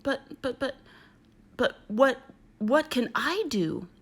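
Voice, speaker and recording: A woman's voice: a little high, very animated, normal speed, pitched above the performer's own voice. Woman doing a big-mouthed mother crocodile. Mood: flustered. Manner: surprised, matter-of-fact. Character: breezy matter-of-fact mother crocodile.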